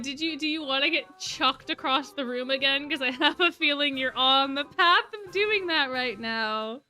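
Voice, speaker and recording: A young woman streamer reading a game's story aloud and commenting in a giggly, animated, teasing way. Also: sits high, measured pace, soft background music. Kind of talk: game playthrough reading and commentary.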